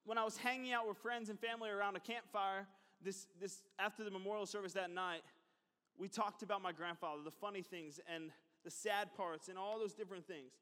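A man's voice: high voice, steady tone, fairly quick, pushed and bright. A man preaching a sermon as a pastor, talking in a conversational way with asides and repeated phrases. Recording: long hall reverb.

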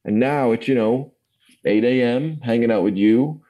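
A man's voice: mid-range voice, moderate pace, dark tone, rough recording. An English man in his forties, telling his life story in a rambling, casual way full of fillers. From England. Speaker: guest. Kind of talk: casual testimony interview.

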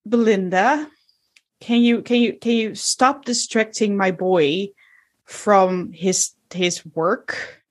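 A woman's voice: mid-range voice, slow pace. Woman doing a stammering flustered farmer. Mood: defensive. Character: flustered middle-aged male potato farmer.

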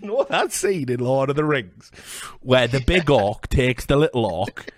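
A man's voice: mid-range voice, sing-song, measured pace. A young Welsh man casually telling a story on a podcast, swearing freely, laughing and acting out the voices of the people in it. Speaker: podcast host.

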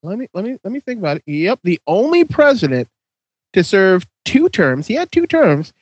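A man's voice: sits high, very animated, normal speed, breathy edge, no echo, highs cut off. A man hosting a comedy podcast, calling on each panelist in turn and announcing the matchups. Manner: moderating, calls on each panelist. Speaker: podcast host. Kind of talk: casual comedic banter.

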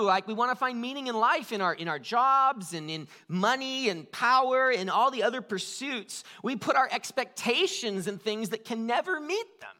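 A man's voice: sits high, animated, normal speed, few pauses, sharp tone. A man preaching a conversational sermon, full of "like" fillers and shifting emphasis. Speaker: pastor.

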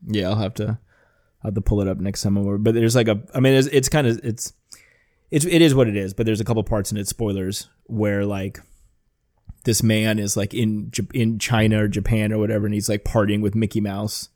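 A man's voice: lowish voice, steady tone, a little fast, darkish tone. A man hosting a casual, profane chat, rambling with many restarts and frequent swearing.

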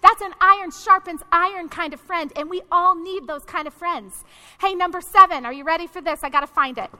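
A woman pastor preaches in a direct, conversational way, her voice very high and strikingly bright. It rings out with a long hall reverb, as if from a church sanctuary. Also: a little fast. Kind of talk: sermon.

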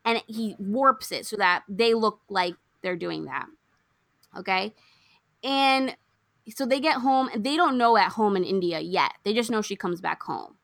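A young woman casually recapping a film plot, acting out the characters' lines with lively swings. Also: medium pitch, measured pace, creaky, dry recording, clean studio sound. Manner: animated storyteller, acts out characters' lines. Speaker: podcast co-host recapping a film. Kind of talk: casual chat.

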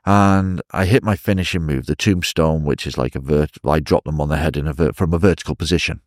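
A man with an English accent, a professional wrestler telling stories in a casual interview, animated and chuckling often. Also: a bass voice, a little fast, no room sound, clean studio sound. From England.

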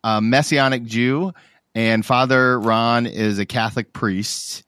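A man hosting a podcast, asking his guest questions in a relaxed, friendly way. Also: medium pitch, takes it slowly, no echo, studio quality. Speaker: podcast host. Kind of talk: interviewing in a podcast.

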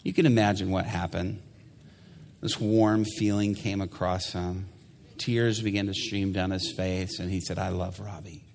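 A male pastor delivers a sermon, his voice sitting a little low. He tells a story with animation and acts out each person in it. A long reverb trails his words through the church. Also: unhurried, slight background noise. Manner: animated storyteller, acting out quoted people.

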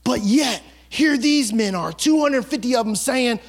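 Male pastor, very high voice, animated and colloquial sermon delivery. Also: unhurried. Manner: animated, conversational, colloquial storytelling.

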